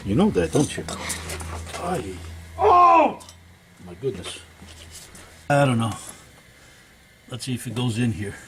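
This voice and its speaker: Amid background noise, an older man with a mid-range voice works on an engine in his home workshop and chats folksily to viewers. His casual vlog rambles from one thought to the next.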